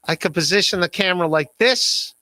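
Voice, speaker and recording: A man runs a loose podcast livestream, rambling, laughing at himself and tripping over repeated words as he reads chat. His voice is bright and slightly high. The sound is dry and close, with no room in it. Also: brisk, no echo. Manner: rambling, self-deprecating, laughs often, stammers. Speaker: podcast host. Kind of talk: casual livestream chat, reading chat messages.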